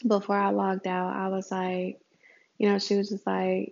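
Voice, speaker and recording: A chatty woman hosting a casual solo audio journal, addressing listeners as girl and y'all. Her voice carries a gravelly fry, and she swoops up high for emphasis. The recording is muffled and lo-fi. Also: monotone, moderate pace, darkish tone. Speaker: podcast host.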